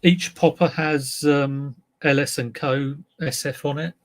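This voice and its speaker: A man with a husky voice chatting casually and rambling on a live reseller stream, often breaking off and restarting his sentences. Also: a little high, steady tone, unhurried. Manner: rambling, self-interrupting, chatty. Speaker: reseller livestream host.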